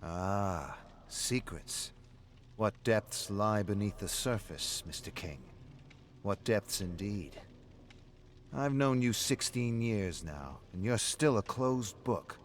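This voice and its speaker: A man voicing a calm, wry pub-owner friend who needles with dry, steady remarks. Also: lowish voice, takes it slowly, slight background noise.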